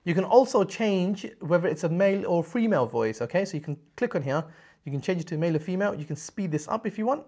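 A man with a high, animated voice talks fast as he presents a screen-recorded software tutorial. He explains each step in an upbeat way and checks in with the viewer frequently.

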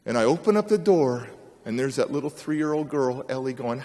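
A man's voice: medium pitch, expressive, brisk, mellow. A man giving a motivational speech, telling a personal story dramatically and acting out the people in it. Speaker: motivational speaker. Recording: long reverb of a large hall.

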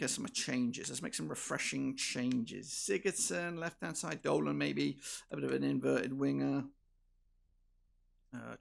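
A man commentating live on his football game, swinging from low mutters to shouted outbursts and swearing often. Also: gravelly, breathy edge. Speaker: gaming channel host.

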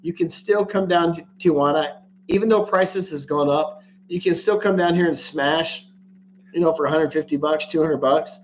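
A man's voice: a little high, normal speed, a little hiss or hum, low-quality recording. A man hosting a casual livestream, talking bluntly and crudely to his viewers and laughing often. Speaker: livestream host.

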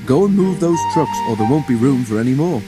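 A man's voice: medium pitch, animated, a little fast, music in the background, pitched above the performer's own voice, close to an everyday voice. A man voicing a kindly older male engine with a good-humoured, reassuring manner.

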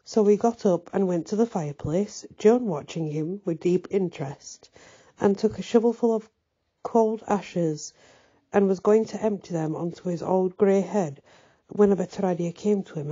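A woman narrates a story aloud at an unhurried, measured pace. Her voice is somewhat low, very dark and mellow, with a husky edge. The recording sounds dull and lo-fi. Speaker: narrator reading a novel aloud.

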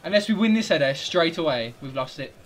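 A man in his twenties with a British accent, commenting live on his own football video game, swearing a lot and swinging from mutters to yells. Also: on the high side, lively intonation, a little fast, slight background noise. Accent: British English. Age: 20s. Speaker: gaming streamer.

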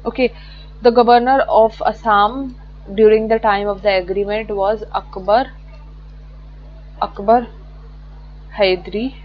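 A woman's voice: medium pitch, fairly even intonation, measured pace, long pauses, dull audio. A woman teaching an online exam-prep lecture from slides, chatty and often correcting herself. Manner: chatty, self-correcting, repeats words.

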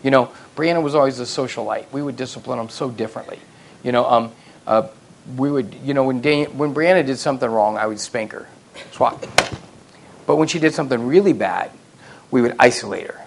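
A middle-aged man preaching a sermon as pastor, telling family stories with self-deprecating humor and building to loud, emphatic peaks. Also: medium pitch, a little fast, creaky, a little hiss or hum. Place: church sanctuary.

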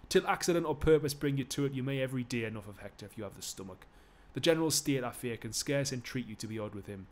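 A man's voice: mid-range voice, animated, quick pace, lightly acted. A man reading Ajax, a blunt, bold Greek warrior with a rousing, raised delivery, in a live-streamed Shakespeare reading.

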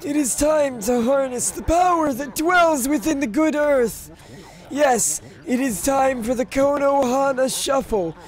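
A streamer voicing a pompous old village elder with booming, theatrical proclamations. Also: unhurried. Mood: grandiose. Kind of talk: dramatic reading of game dialogue.

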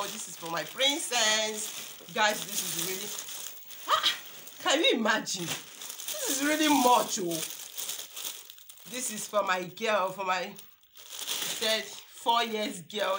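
A woman's voice: a little high, reverberant, noisy background. A woman in her thirties with a Nigerian accent, chatting emotionally through an unboxing vlog, exclaiming, repeating herself and praying aloud. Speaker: vlogger. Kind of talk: excited unboxing chat with prayers.

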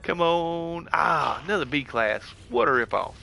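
A man's voice: on the high side, expressive, unhurried, vocal fry, pushed and bright, slight background noise. A man with a Southern US accent, chatting casually as he streams a game and reads out viewer comments in a laid-back way. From United States. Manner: laid-back and chatty, drawling "heck yeah" and "dude", reads chat aloud. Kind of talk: casual live-stream gaming chat.

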